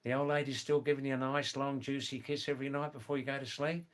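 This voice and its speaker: A man putting on a broad Australian accent to play a brash, cheeky bloke who talks in rapid, teasing banter. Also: medium pitch, steady tone, natural voice.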